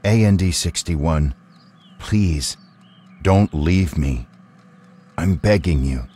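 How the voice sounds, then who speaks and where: An earnest male robot, voiced by a man, talks in careful, complete sentences. His voice is very deep. He sounds sincere and almost human. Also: slow, mellow, husky, heavily acted. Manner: earnest, pleading, carefully worded.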